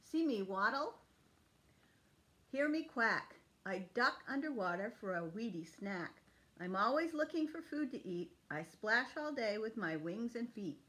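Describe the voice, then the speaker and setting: A woman's voice: on the high side, expressive, measured pace, sharp tone. A woman voicing a hungry, splashing duck from a storybook, in cheerful sing-song rhymes.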